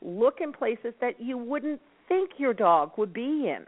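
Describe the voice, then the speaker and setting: A woman's voice: a little high, animated, unhurried. Woman explaining over a tinny phone line. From Nova Scotia, Canada. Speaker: dog rescue network founder. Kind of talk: guest explaining on a radio talk show.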